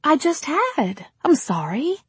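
A woman's voice: high-pitched, huge pitch swings, slow, no echo, voice pushed up, exaggerated voice. A woman voicing a poised, polite young actress with a composed manner.

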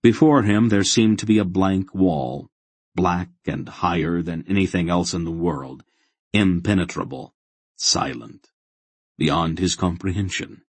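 A man reading a fantasy novel aloud in steady, measured narration. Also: low-pitched, breathy edge, no echo. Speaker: audiobook narrator. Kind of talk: scripted narration.

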